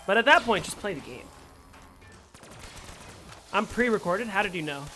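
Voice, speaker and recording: A man's voice: sits high, expressive, moderate pace, bright, forceful tone, slight background noise. A young man streaming a game and chatting casually with his viewers, answering them with playful sarcasm. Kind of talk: casual live-stream chat while playing.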